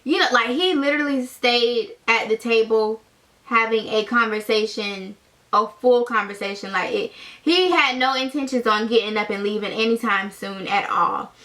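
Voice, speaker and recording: A young woman telling a story in a chatty, animated vlog style, full of fillers. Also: fairly high pitch, normal speed. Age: young adult. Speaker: vlogger.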